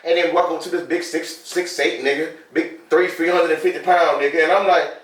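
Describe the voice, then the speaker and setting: A man's voice: fairly high pitch, fairly even intonation, a little fast, fairly bright tone. A man co-hosting a podcast, rambling through a joking anecdote in casual group chat. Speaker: podcast co-host. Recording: echoey room, mic at a distance.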